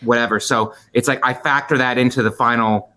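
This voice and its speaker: A man co-hosting a comedy podcast, talking in a relaxed way, explaining things step by step and teasing his partner. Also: medium pitch, fairly quick. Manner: laid-back, explains step by step, playful teasing. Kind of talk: casual conversational chat.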